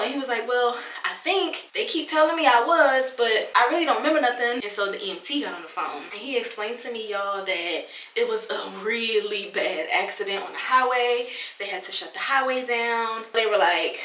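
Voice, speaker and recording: A young woman, telling a story to her viewers in a lively, chatty way and calling them girl and y'all. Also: on the high side, brisk, slight background noise. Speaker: lifestyle vlogger. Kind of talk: casual storytelling to camera. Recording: echoey room, voice a bit distant.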